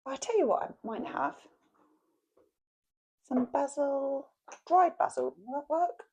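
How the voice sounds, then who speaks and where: A woman's voice: high-pitched, very animated, slow pace, a little mellow. Chatty woman vlogging at home. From England. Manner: chatty and homely, laughs often. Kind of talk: casual chat while cooking.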